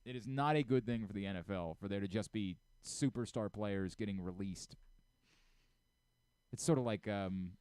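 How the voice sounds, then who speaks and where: A middle-aged man hosting a sports radio show, ranting about football with rapid swings between low muttering and shouted outbursts. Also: clean tone, no echo. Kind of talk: opinionated sports talk. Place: radio studio.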